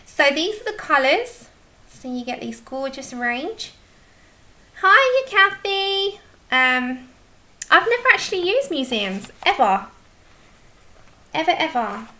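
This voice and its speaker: A woman's voice: sits high, very animated, a little slow, pauses often, sharp tone. A woman hosting a casual colouring livestream, chatting effusively and greeting viewers by name. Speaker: livestream host. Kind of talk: casual chat while colouring.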